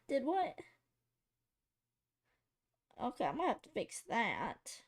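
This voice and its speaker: A woman's voice: on the high side, huge pitch swings, very slow, long pauses. A woman streamer chatting casually to her viewers while drawing, rambling, giggly and poking fun at herself. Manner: rambling, giggly, self-mocking, talking to chat.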